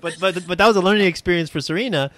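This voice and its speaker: A man's voice: sits high, racing, a bit bright. A man hosting a podcast, chatting casually, often repeating words as he talks, and laughing often. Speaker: podcast host. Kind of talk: casual chat.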